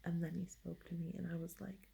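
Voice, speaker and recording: A woman's voice: fairly low pitch, flat delivery, fairly quick, gravelly, warm tone, husky. A woman casually telling a personal story in a hesitant, rambling way, full of fillers and restarts. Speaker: vlogger.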